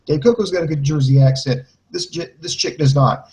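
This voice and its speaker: A man with a slightly higher voice rants heatedly through a casual wrestling review. He is profane and mocking, and slips into quick imitations of the people he criticizes. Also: a little mellow, rough recording.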